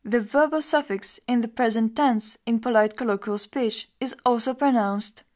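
A woman teacher reading a scripted lesson in an even, measured explanatory tone. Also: fairly high pitch. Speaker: language teacher.

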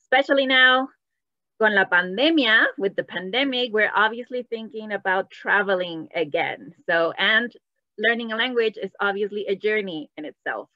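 A woman's voice: medium pitch, dry recording. Woman teacher leading a live web class, bilingual, sound slightly dull and dry. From Latin America. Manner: switches between English and Spanish, quizzing the chat. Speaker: Spanish teacher. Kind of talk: live online language class.

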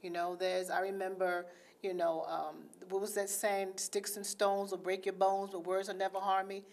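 A woman's voice: mid-range voice, flat delivery, moderate pace. A woman hosting an interview, asking questions in a rambling way, full of "you know.". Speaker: host.

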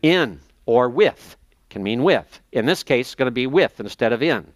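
A man in a seminary lecture, explaining texts step by step, slowing down to spell out terms and page numbers, thinking aloud as he checks his notes. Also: medium pitch, expressive, no echo. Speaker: seminary professor. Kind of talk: classroom lecture.

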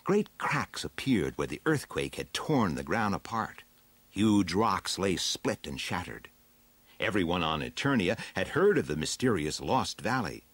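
A man narrating a children's adventure storybook aloud in an expressive, dramatic way. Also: low voice, a little slow, breathy edge, no room sound. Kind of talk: storybook reading.

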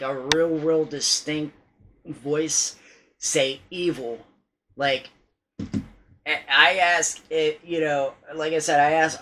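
A man with a somewhat high-set voice talks in a loose, unscripted vlog style. He rambles and hesitates, restarting his sentences and swearing now and then. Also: fairly bright tone, poor audio. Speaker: paranormal vlogger. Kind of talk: casual vlog talk.

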